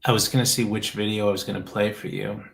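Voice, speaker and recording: A man's voice: on the low side, little pitch movement, fast, vocal fry, rough recording. A man hosting a casual chat show, talking in a rambling, heartfelt way that trails off and restarts often.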